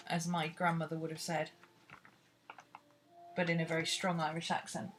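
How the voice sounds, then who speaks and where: Soft music plays behind a British woman leading a rambling painting tutorial, her low voice monotone at a normal speed with long pauses. She chats casually and talks to herself while looking for things as she works.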